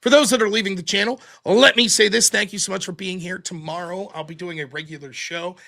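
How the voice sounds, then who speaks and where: A man hosts a live internet show and talks straight to his viewers in a blunt, profane rant. His voice sits high for a man and sounds bright and forceful. He reels off donations and rules for the chat in a brisk, casual way. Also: creaky. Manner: blunt, profane, animated ranting. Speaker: livestream host.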